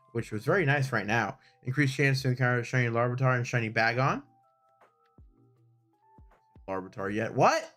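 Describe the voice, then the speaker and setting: A man's voice: mid-range voice, fairly bright tone. A man co-hosting a casual game news chat in an upbeat way, reading through lists of events. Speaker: co-host.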